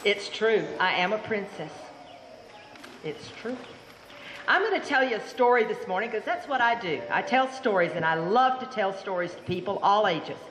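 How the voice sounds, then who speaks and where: A woman's voice: medium pitch, fairly quick, hardly any pauses. Theatrical woman storyteller in an echoey hall. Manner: animated, theatrical, inviting audience to join. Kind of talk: live folk storytelling to an audience. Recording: roomy hall with long echo, faint room noise.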